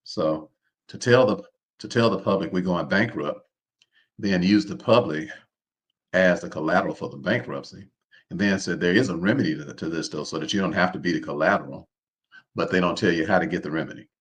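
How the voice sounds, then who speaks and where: A man with a very low voice hosts a live online session. He drives his points home by repeating them and keeps asking his listeners to answer him. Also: fairly quick. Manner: preacher-like, calls on the audience to respond; repeats phrases, informal speech. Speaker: host. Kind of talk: live online seminar talk.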